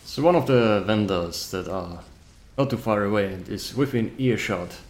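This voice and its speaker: A man's voice: fairly low pitch, normal speed. A man running a tabletop game as game master, casual and joking.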